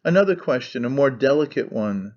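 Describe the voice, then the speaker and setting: A man's voice: medium pitch, lively intonation, fairly quick, a little mellow, lo-fi sound, lightly acted. A man voicing a skeptical young man who questions his companion in a dry, probing manner. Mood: questioning. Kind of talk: audiobook character reading.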